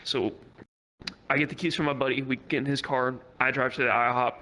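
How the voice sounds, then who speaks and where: Profane rambling stand-up man, bright voice. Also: mid-range voice, little pitch movement, a little fast. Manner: profane, rambling anecdote with acted quotes. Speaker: stand-up comedian. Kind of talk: stand-up storytelling. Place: virtual reality comedy club.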